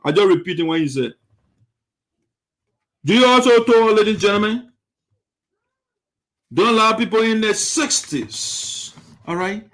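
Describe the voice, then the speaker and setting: A man's voice: sits high, expressive, unhurried, pauses often, a bit bright. A man hosting a critical political commentary, indignant and full of rhetorical questions that circle back to the same points. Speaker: commentary show host.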